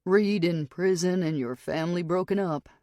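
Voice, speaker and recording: A woman voicing a gentle, teasing male bartender who speaks softly with a Texan accent. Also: high voice, normal speed, no room sound, studio quality, close to an everyday voice. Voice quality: soft voice.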